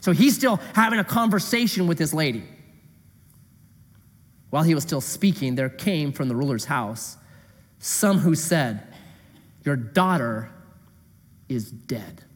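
A man preaching a sermon, reading scripture and explaining it, lively and then dropping to a hushed voice for emphasis. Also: fairly high pitch, a little slow, pauses often. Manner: animated, drops to a hushed voice for emphasis. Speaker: pastor. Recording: echoey hall.

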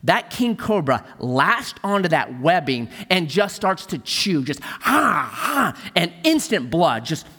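A man preaching a sermon as a pastor, telling stories with animated energy and dropping to a hush for emphasis. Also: fairly high pitch, takes it slowly, few pauses, breathy edge, long reverb tail.

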